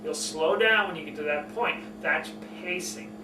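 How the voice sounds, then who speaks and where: A man coaching on public speaking, talking expressively and showing shifts in pace and pitch as he explains. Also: normal speed, echoey room, recorded from a distance, background noise. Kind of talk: instructional talk to camera.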